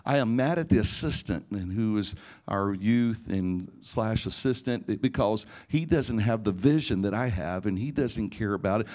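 Middle-aged man, pastor, lowish voice, animated sermon storytelling, gets loud and emphatic, live church audience. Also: moderate pace. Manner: animated, rising to near-shouting in emotional parts, frequent restarts. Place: church or conference hall before a live audience.

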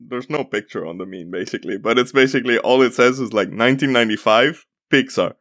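A man's voice: mid-range voice, fast, a bit bright, no room sound, studio quality. A man from Italy co-hosting a podcast, chatting casually, rambling and sidetracked, with lots of fillers. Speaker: podcast co-host.

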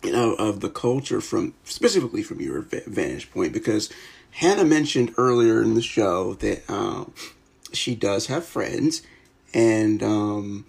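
Very deep, gravelly-voiced woman host. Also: animated, measured pace, darkish tone. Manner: playful, eager, many fillers. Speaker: podcast host. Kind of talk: casual chat.

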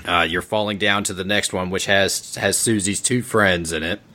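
A man narrating as game master in a tabletop game, relaxed and joking. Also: low voice, moderate pace.

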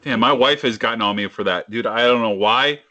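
A man's voice: mid-range voice, quick pace, sharp tone, dry recording, lo-fi sound. A man with a Philadelphia accent co-hosting a casual sports podcast, brash and joking, swearing freely. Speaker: podcast co-host.

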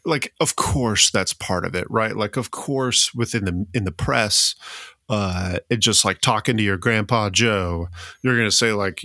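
A man's voice: fairly low pitch, unhurried, sharp tone, no echo, studio quality. A man co-hosting a casual history podcast, rambling and restarting his sentences and laughing at himself. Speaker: podcast co-host.

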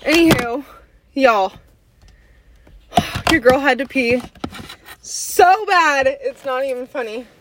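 Woman, podcast host, casual candid chat, slightly breathless, a bit high-pitched. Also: slow pace, pauses often, noisy background. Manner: candid, chatty, often says "y'all".

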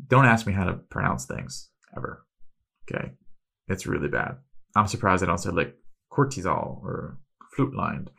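A man's voice: lowish voice, a bit bright. Chatty man explaining health questions. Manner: chatty, self-deprecating asides, loose analogies. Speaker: host.

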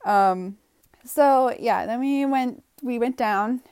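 A woman's voice: a little high, takes it slowly, darkish tone, clear, resonant tone, no room sound, studio quality. A young woman telling a casual storytime, rambling and exasperated, full of "like" and "you know", now and then swearing for emphasis. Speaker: vlogger.

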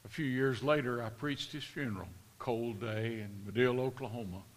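A man's voice: medium pitch, steady tone, normal speed. Older male preacher, reverberant hall. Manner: storytelling, building to impassioned rhetorical questions. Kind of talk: sermon.

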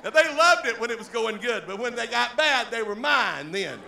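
A middle-aged man, a pastor telling a story from the pulpit in a folksy, animated way, laughing often and shouting at times. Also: very high voice, normal speed, creaky, reverberant, a little hiss or hum. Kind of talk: storytelling sermon. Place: church sanctuary.

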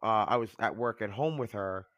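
A man's voice: lowish voice, moderate pace, fairly bright tone, dry recording, studio quality. A young man co-hosting a podcast, talking casually with lots of fillers, his voice still cracking as he gets over an illness. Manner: rambling, lots of "like" and restarts. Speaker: podcast co-host. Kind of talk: casual chat.

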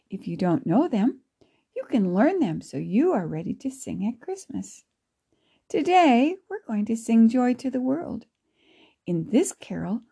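A woman podcast storyteller reading a children's story aloud in a gentle, affectionate way. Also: fairly high pitch, gravelly, breathy edge. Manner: gentle, affectionate, laughs softly.

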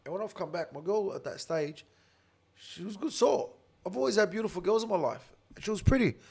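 Aussie bloke with a high, gravelly voice telling a story, swears nonstop, gets loud. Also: male voice, animated, brisk. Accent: Australian. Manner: profane, swears constantly. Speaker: interview guest. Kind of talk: casual storytelling.

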